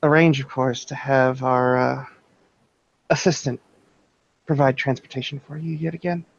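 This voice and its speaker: A man voicing a sweet-voiced, quietly menacing vampire woman who leads a church, with honeyed, polite threats. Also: medium pitch, steady tone, normal speed, gravelly, no echo, dull audio. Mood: sweetly menacing.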